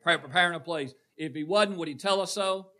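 A man's voice: fairly high pitch, fairly quick, pushed and bright. A man preaching a call-and-response sermon in a church, quizzing the congregation. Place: church sanctuary.

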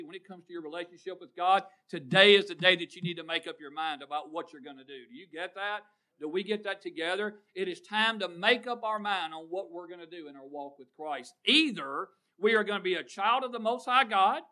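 Preacher guy, middle-aged, high bright voice, chatty and folksy, keeps asking the crowd stuff. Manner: folksy storytelling, asks the congregation questions. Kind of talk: sermon.

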